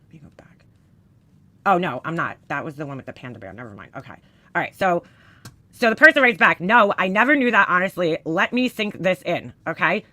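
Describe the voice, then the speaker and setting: Bright-voiced woman cursing through commentary. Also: lowish voice, sing-song, brisk, no echo. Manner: profane, exasperated, reads quotes aloud with emphasis. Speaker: commentator reading screenshots. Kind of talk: casual commentary.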